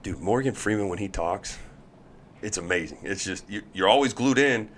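A man in his thirties, a pro pitcher, telling chatty, animated stories as a podcast guest. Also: moderate pace, slight background noise. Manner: chatty, animated storyteller who acts out quotes. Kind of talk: podcast interview storytelling.

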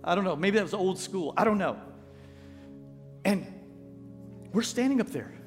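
A pastor telling a story in a folksy, animated sermon style, acting out what people said. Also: male voice, sits high, normal speed. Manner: folksy, animated, acts out quotes. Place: church sanctuary. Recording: long church hall reverb with faint music.

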